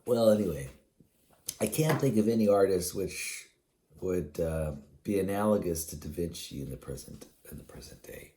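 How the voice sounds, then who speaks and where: A man's voice: sits low, lively intonation, moderate pace, dark tone. A man rambling in a solo vlog monologue, musing aloud with many fillers and restarts, chuckling now and then, sleepy and yawning. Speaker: vlogger.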